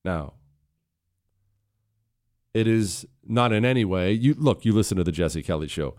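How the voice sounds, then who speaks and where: Low-voiced indignant talk radio host. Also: male voice, expressive, measured pace, darkish tone. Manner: indignant, mocking, rising into heated emphasis. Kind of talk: political talk radio monologue. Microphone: studio microphone.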